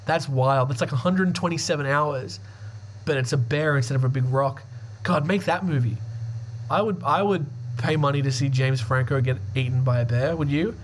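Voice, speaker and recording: A man's voice: mid-range voice, moderate pace, a little hiss or hum. A man hosting a podcast in casual chat, joking and swearing freely and laughing as he reads out news stories. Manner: profane, joking, laughs often. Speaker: podcast host.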